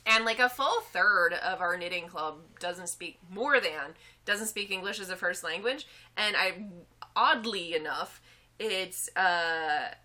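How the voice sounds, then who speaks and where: A woman co-hosting a casual sports chat podcast, excitable, breaking into loud cheers and laughter. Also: mid-range voice. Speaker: podcast co-host. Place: Boulder area.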